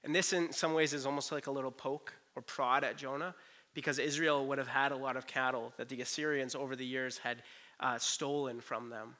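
A man in his thirties delivers a sermon with a bright, forward tone. He keeps it earnest and chatty and often drops in "you know" as he goes. His pitch sits in an ordinary middle range for a man. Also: fairly even intonation, fairly quick. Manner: earnest, conversational, lots of "you know" asides. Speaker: pastor.

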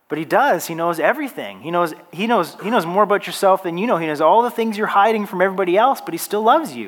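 A man's voice: fairly high pitch, brisk, fairly bright tone. A man preaching a sermon in church, earnest and building to emphatic repetition. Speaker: pastor.

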